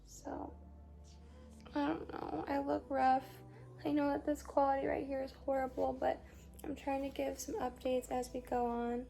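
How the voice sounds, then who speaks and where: A young woman in her twenties, worn out and in pain after surgery, talking in a halting, rambling way with lots of fillers, casually vlogging from home. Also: high-pitched, little pitch movement, vocal fry, mellow. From Chicago, USA. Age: 20s. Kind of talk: casual recovery vlog.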